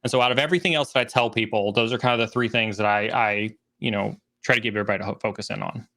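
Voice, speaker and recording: A man's voice: lowish voice, steady tone, very fast, pushed and bright. A man in his forties, a guest on a livestream interview, speaking earnestly and emphatically, repeating key phrases. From United States. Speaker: guest, cybersecurity trainer.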